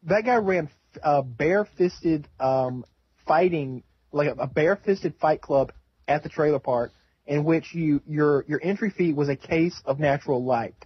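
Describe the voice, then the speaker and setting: A man with a fairly high, husky voice tells a rambling story with many restarts and a wry edge. The dry, dull lo-fi sound suggests a cheap mic in a small room. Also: measured pace, no room sound. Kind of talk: casual storytelling.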